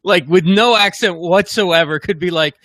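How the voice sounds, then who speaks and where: Brief: male host, high bright voice, lively pitch, dry close sound. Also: moderate pace, dry recording. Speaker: interview host. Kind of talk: casual interview chat.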